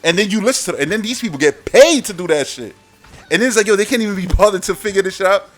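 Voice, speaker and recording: A man's voice: high voice, lively intonation, fast talker. A man hosting a gaming channel, ranting in a brash, boastful, heavily profane casual monologue.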